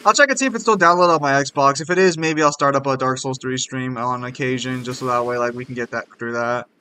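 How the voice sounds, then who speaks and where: A young man chatting on a game stream, excitable and quick to swear. His voice is bright and forward, sitting at an average pitch. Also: clear, resonant tone. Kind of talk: casual gaming stream chat.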